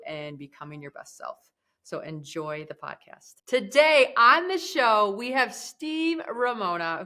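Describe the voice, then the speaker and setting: A woman's voice: fairly low pitch, sharp tone. A woman hosting a podcast interview who sounds effusive and enthusiastic. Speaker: podcast host. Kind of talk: casual interview.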